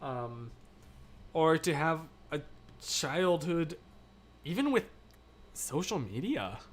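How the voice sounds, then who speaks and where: A young American man hosts a casual live stream in a rambling, filler-heavy way, laughing often as he answers viewer comments. His voice sits a little high for a man. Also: very animated, slow. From United States. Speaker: livestream host.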